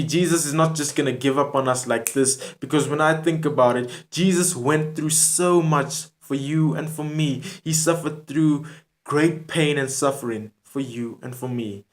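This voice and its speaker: Man, spoken word sermon, earnest, pleading, mid-pitched voice, close mic. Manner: earnest, repetitive, pleading address to the viewer.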